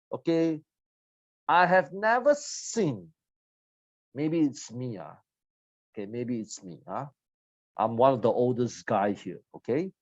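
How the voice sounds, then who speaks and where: A man in his forties giving a motivational seminar talk, blunt and teasing, swinging between loud jabs and quiet asides. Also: on the high side, dry recording. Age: 40s. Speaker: seminar trainer. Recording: dull lo-fi audio.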